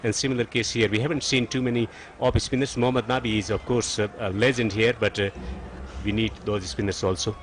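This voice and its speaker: A man's voice: fairly low pitch, steady tone, fairly quick, slight background noise. A man giving earnest live cricket commentary, often repeating words as he restarts a phrase.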